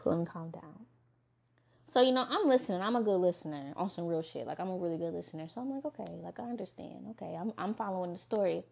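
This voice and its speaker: A young woman hosting a podcast, telling a dating story in a candid, profane, casual way with quick asides. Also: lowish voice, lively intonation, creaky, a little mellow, slightly rough. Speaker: podcast host.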